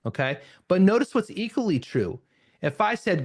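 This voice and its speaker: A man's voice: on the high side, normal speed, pauses often. A man teaching confidence techniques as an NLP trainer at a live seminar, speaking conversationally and acting out short examples in changing tones. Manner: energetic, conversational, acts out examples in varied tones.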